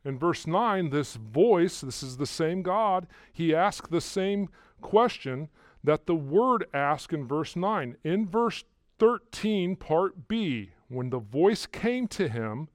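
A man's voice: a little high, animated, slow, no echo, clean studio sound. Man preaching with rising emphasis. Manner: repeats words and rises loudly on key words. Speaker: pastor. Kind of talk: sermon.

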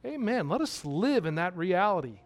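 A man's voice: sits high, very animated, moderate pace. A man preaching a sermon, emphatic and repetitive, asking his listeners questions.

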